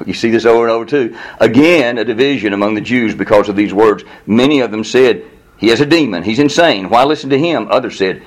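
A man preaching a sermon in a conversational way, acting out the quotes and chatting with the listeners. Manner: animated, acts out quotes with rising pitch; conversational, with laughs and audience asides. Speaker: pastor.

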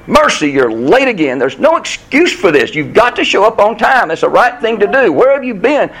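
A man's voice: mid-range voice, expressive, a little fast, lightly acted, rough recording. A man voicing Justice, an irritated stickler who scolds a late friend in a parable.

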